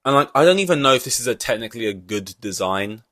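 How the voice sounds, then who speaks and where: A man's voice: mid-range voice, lively intonation, quick pace, fairly bright tone, no echo, studio quality. A man hosting a podcast, giving blunt, profane opinions in a rambling, casual way. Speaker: podcast host. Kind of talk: casual ranting podcast chat.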